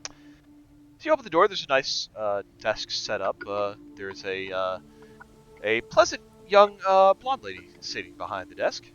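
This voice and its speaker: A man's voice: on the low side, huge pitch swings, measured pace, fairly bright tone, clear, resonant tone, muffled recording, faint music behind. A man narrating as game master in a tabletop game, hesitant and full of fillers.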